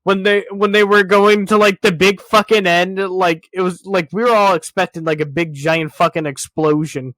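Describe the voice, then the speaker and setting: High-voiced, hesitant swearing man. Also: steady tone, moderate pace, few pauses, fairly bright tone, no echo. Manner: profane, hesitant, with many fillers. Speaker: podcast co-host. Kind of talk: casual chat.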